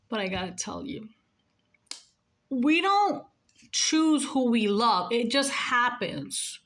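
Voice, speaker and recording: A woman's voice: fairly high pitch, very animated, slow pace, a bit bright. A woman in her forties, a nurse, giving emotional, earnest advice in a heartfelt monologue and repeating her points for emphasis. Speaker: nurse sharing life advice.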